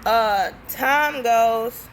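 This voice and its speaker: A woman's voice: fairly high pitch, very slow, slight background noise. Blunt, profane young woman telling a story. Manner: blunt, profane, animated retelling with quoted dialogue. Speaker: storytime vlogger. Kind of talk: casual storytelling.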